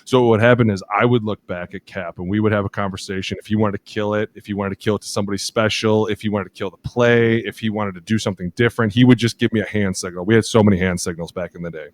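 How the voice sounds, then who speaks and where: A man in his thirties, a podcast co-host telling lively locker-room stories, acting out quotes and laughing often. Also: lowish voice, fast, few pauses. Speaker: podcast co-host, former offensive lineman. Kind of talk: casual chat, animated storytelling.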